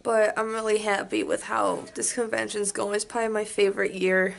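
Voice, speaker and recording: A young woman vlogging casually to a handheld camera, chatty and excitable, sounding tired. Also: medium pitch, fairly quick, gravelly. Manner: chatty, excitable, swings between upset and giddy. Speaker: cosplay vlogger. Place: crowded convention restaurant, later a hotel room.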